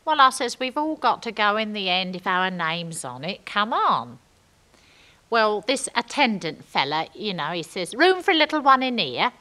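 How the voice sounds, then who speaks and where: A chatty young girl. She rambles along in ungrammatical gossip, and her bright voice leaps up and down. The whole piece is a comic stage monologue. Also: medium pitch, sing-song, moderate pace. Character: chatty working-class young London woman.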